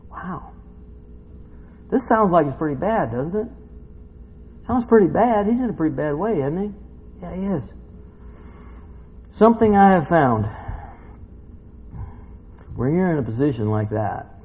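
A man preaching a sermon, swinging between hushed reading and loud excited exclaiming with bursts of laughter. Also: a little high, unhurried, long pauses, husky, low-quality recording.

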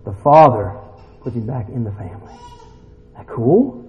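A man preaching a sermon in a church, animated and swinging from hushed asides to loud exclamations. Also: mid-range voice, unhurried, soft background music. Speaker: pastor. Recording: dull lo-fi recording.

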